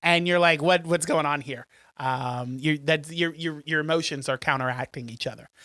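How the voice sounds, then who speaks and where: Bright-voiced man retelling a film plot. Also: a little high, moderate pace, no echo, clean studio sound. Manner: rambling, with many ums and restarts, acting out quoted lines. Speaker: podcast co-host.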